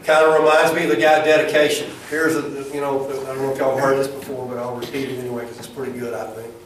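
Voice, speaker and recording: A middle-aged man speaks at a chamber event in a plainspoken, storytelling way. His voice sits in an average pitch and carries a long echo from a big hall, picked up from well back of the mic. A faint room noise runs underneath. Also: flat delivery, fast, distant mic. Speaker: speaker at a chamber event, former football coach. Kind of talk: folksy motivational speech with jokes.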